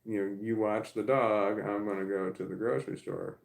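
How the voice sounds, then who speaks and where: Middle-aged man, gravelly and lowish, rambling casual vlog storytelling with frequent swearing. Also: fairly even intonation, moderate pace, poor audio. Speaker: vlogger.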